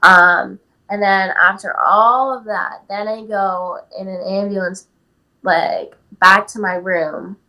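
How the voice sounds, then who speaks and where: Speaking slowly in a steady, mid-range voice that sounds pushed and bright, an eighteen-year-old woman from California shares a personal story as a podcast guest. She's a chatty athlete who leans heavily on "like" and "um." The audio is low quality.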